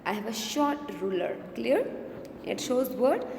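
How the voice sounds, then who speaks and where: A woman teacher with a Pakistani English accent, giving a revision lesson, slowly repeating words and often asking "clear?" to check understanding. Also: on the high side, expressive, darkish tone, slight background noise. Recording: echoey room with long reverb.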